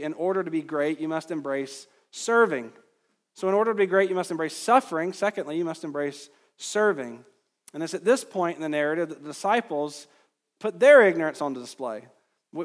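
A pastor delivers an expository sermon earnestly and emphatically, in a somewhat high voice that climbs on the points he stresses. Long reverb from the hall surrounds his words.

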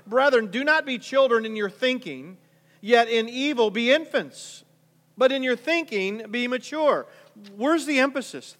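A man's voice: high-pitched, fairly bright tone, big-room sound. A male pastor preaching a conversational sermon, full of rhetorical questions and repeated restarts.

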